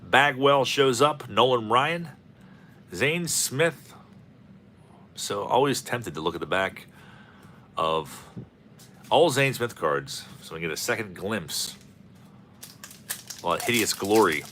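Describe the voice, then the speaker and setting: A man's voice: fairly low pitch, lively intonation, slow pace, long pauses, pushed and bright, a little hiss or hum. A man hosting a card-opening video, rambling and joking as he calls out player names. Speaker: host of a card-opening channel. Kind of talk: casual commentary while opening packs.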